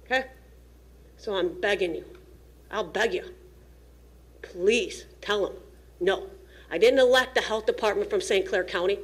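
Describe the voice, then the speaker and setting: Nervous and trembling at a podium mic, a woman with a mid-range voice makes an emotional plea during public comment at a school district meeting. She speaks at normal speed and pauses often.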